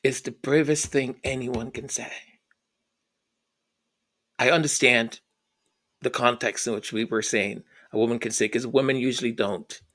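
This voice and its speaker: A man telling a personal story, halting and repeating words in an earnest way. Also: mid-range voice, fairly even intonation, fairly bright tone.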